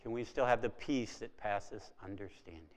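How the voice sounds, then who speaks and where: A man's voice: lowish voice, normal speed. Preaching man in a reverberant hall. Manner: swings between hushed quoting and rising emphatic preaching. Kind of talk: sermon.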